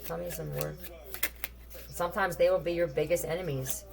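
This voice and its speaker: A woman's voice: low voice, steady tone, normal speed, vocal fry. A woman giving a casual tarot reading, thinking aloud in a blunt, profane way. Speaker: tarot reader.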